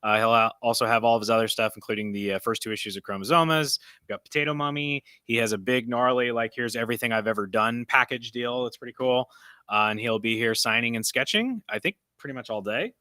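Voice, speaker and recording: Bright, crisp-voiced man hosting casually. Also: mid-range voice, lively intonation, quick pace, no echo, studio quality. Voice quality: froggy voice. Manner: rambling, self-correcting, laughs often. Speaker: host. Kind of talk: casual live-stream chat. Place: comic book store.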